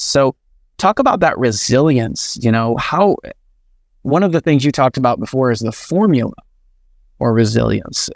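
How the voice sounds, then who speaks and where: A man's voice: mid-range voice, darkish tone, dry recording, studio quality. A man hosting a podcast interview, talking enthusiastically and loosely with fillers as he sets up questions. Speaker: podcast host.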